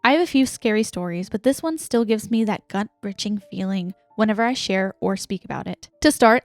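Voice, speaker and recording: Woman host rambling casually then reading emails, kinda high voice, dry mic. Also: darkish tone, no echo. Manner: chatty, restarts sentences, reads emails aloud. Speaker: podcast host. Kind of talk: casual chat and reading listener stories.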